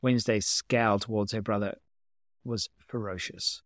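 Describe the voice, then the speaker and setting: A man narrating a story in a calm, even manner, his pitch sitting in the middle. The sound is dry and close with no room around it. It feels like an amateur reading at home. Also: normal speed, no echo. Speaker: amateur reader. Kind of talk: audiobook narration of fan fiction.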